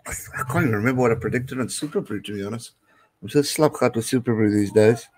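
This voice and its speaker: A man's voice: medium pitch, fast talker, darkish tone, rough recording. A young man from South Africa with a South African accent, talking through a rugby match for his live-stream viewers. He chats casually, greets people in the chat, and slips Afrikaans words into his English. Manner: chatty, mixes English with Afrikaans phrases. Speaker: live stream host giving rugby commentary.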